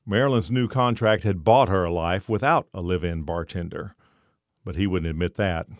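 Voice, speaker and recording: A man narrating a short story in a measured storytelling manner. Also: low voice, no echo, studio quality.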